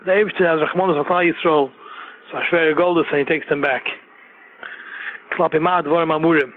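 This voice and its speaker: A man's voice: on the high side, fairly even intonation, fairly quick, slight background noise. A man giving a Torah sermon, repeating phrases and firing off rhetorical questions. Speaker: Torah teacher. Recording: narrow phone-like radio sound.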